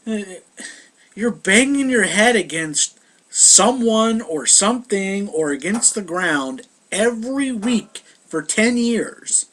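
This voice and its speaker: High, lively voiced man ranting. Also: slow pace. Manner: heated, exasperated ranting. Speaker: vlogger. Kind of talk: casual ranting monologue.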